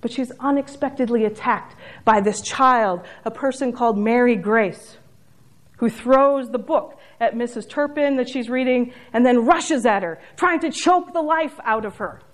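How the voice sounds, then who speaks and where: A woman preaching a sermon, retelling a story in a measured, reflective way. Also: fairly high pitch.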